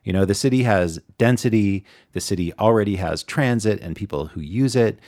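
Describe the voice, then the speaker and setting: A man's voice: lowish voice, a little fast, a little mellow, no room sound, clean studio sound. A man co-hosting a podcast, talking casually and earnestly. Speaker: podcast co-host. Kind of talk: casual chat.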